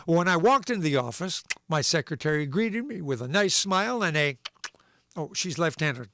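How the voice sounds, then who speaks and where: A man's voice: fairly high pitch, normal speed, dry recording. A man hosting a livestream, reading a comic newspaper story aloud and acting out its voices and sound effects. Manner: animated storyteller, voicing characters and sound effects. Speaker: livestream host.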